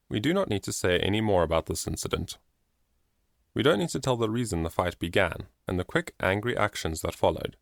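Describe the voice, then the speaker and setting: This is scripted audiobook narration by a man with a fairly low voice who delivers it with expressive storytelling. The sound is dry and of studio quality.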